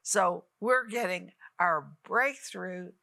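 A woman in her eighties, a TV minister, teaching and praying with fervent, exhorting delivery and sudden rises in pitch. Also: slow, vocal fry, sharp tone, no echo, clean studio sound. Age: 80s. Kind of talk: televised ministry teaching and prayer.

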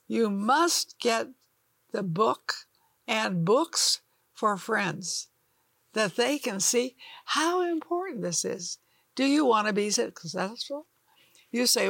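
An older woman teaches the Bible in an unhurried, folksy way, pressing her points home. Her voice has a gravelly fry to it. The sound is close and dry, with no room around it. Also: fairly high pitch, fairly bright tone, dry recording. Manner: folksy and emphatic, acts out doubters' voices. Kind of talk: sermon-style Bible teaching.

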